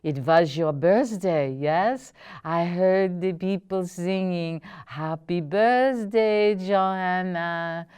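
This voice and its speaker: A woman voicing an older German woman neighbor with a gravelly voice and a German accent, gruff and moody. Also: on the low side, extremely slow, a little mellow. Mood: kindly.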